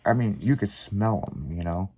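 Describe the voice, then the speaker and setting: A man hosting a podcast, telling a long story in casual, profanity-laced chat with lively, rambling delivery. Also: fairly low pitch, moderate pace. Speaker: podcast host.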